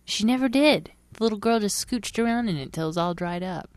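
A woman co-hosting a podcast, telling an animated story and giggling often. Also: medium pitch, brisk, no room sound. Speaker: podcast co-host. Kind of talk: casual chat, storytelling.

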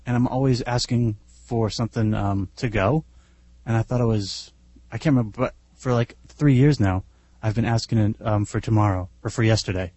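A man with a mellow, slightly husky voice guests on a casual podcast. He tells lively, self-deprecating anecdotes into a close, dry mic. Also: fairly low pitch, moderate pace, no room sound.

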